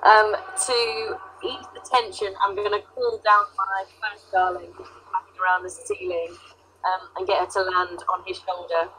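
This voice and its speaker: A woman's voice: medium pitch, level tone, normal speed, sharp tone, slight background noise, poor audio. A woman playing her character at a tabletop game, speaking politely and with genteel courtesy. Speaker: player.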